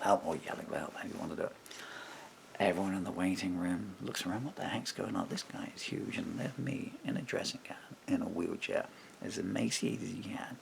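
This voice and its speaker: A man telling a story straight to camera in an animated, casual way, acting out what others said and chuckling between points. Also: low-pitched, gravelly, a little hiss or hum. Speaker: vlogger.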